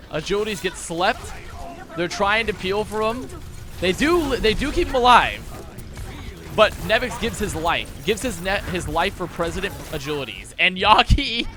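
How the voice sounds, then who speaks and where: A young man giving a casual esports match breakdown, talking fast and excitably, with frequent swearing and restarts. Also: sits high. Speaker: esports analyst.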